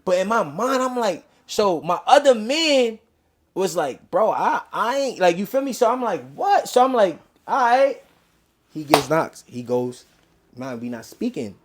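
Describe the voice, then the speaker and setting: A man telling a story in casual street slang, acting out quoted lines as he goes. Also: sits high. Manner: animated street slang, quick quoted dialogue. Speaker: interview guest.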